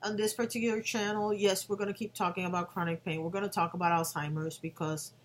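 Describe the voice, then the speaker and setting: A woman's voice: mid-range voice, steady tone, quick pace, slight background noise. A woman in her fifties talking earnestly to the camera in a personal vlog, with frequent restarts and emotional moments. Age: 50s. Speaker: vlogger.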